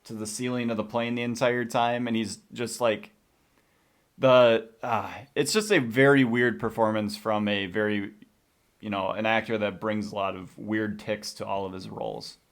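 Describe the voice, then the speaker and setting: A man's voice: on the low side, steady tone, moderate pace. A man co-hosting a podcast in casual movie talk, chatty and opinionated, laughing easily. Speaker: podcast co-host.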